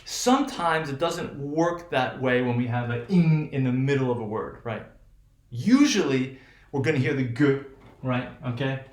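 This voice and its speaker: A man's voice: mid-range voice, expressive, normal speed. Rambling male lecturer in an echoey room. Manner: rambling, many restarts and "right?" checks. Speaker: linguistics lecturer. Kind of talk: classroom lecture.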